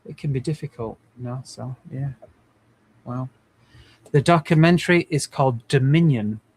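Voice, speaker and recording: A man's voice: medium pitch, moderate pace, darkish tone, breathy edge. A man in his forties, hosting a livestream in an earnest, rambling way with many restarts. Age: 40s. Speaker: livestream host. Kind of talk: casual livestream talk.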